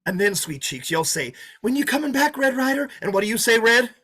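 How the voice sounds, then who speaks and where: A man's voice: very high voice, very animated, brisk, husky, heavily acted. A man playing a sneering, menacing drifter. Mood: mocking. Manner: taunting, mocking, swings from loud to hushed. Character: menacing, sneering drifter holding a diner hostage. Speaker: actor in a play reading. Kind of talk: play read over a video call.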